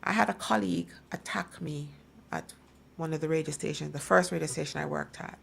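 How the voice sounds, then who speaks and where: Guest speaker, middle-aged woman, emphatic storyteller, rough fry in the voice. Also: sits low, fairly quick. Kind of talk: personal testimony in a talk program.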